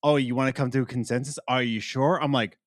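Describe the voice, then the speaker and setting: A man co-hosting a podcast, chatting casually about a game, animated and swearing freely with loud outbursts. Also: mid-range voice, fast, no echo, clean studio sound. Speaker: podcast co-host. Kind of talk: casual game review chat.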